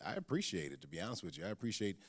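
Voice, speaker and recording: A man's voice: low-pitched, sing-song, racing, husky. A man, an actor and comic, talking casually on a stage panel, telling stories and often restarting his words. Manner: storytelling, laughing, repeats words when starting. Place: auditorium stage.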